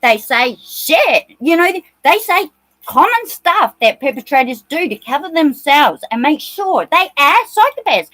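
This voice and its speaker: A woman's voice: high-pitched, sing-song, unhurried, a bit bright, no room sound, low-quality recording. Agitated ranting New Zealand woman. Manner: agitated, swearing, rambling. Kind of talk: ranting monologue.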